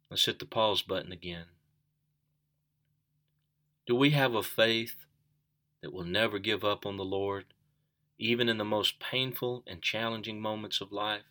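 Slow bright-toned male preacher. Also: lowish voice. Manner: earnest, repeats phrases, rising emphasis on questions. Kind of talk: sermon.

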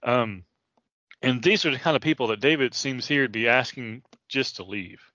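A man in his late thirties teaches a Bible passage with a preacher's earnest, chatty delivery. His voice sits at a middle pitch, close and dry, on a slightly dull lo-fi recording. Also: moderate pace, bright, forceful tone, no room sound. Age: 30s. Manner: casual and earnest, many fillers and restarts.

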